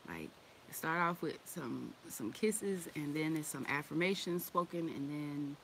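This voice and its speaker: A woman's voice: low voice, unhurried, creaky, a little hiss or hum. A woman chatting loosely on a live stream, cursing and laughing often. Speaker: vlogger. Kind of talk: casual live-stream chat.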